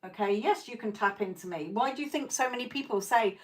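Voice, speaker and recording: Talking fast in a fairly high voice, a woman runs a live tarot stream and coaches her viewers bluntly, swearing freely. She laughs a lot and repeatedly asks "okay?" to check they're following.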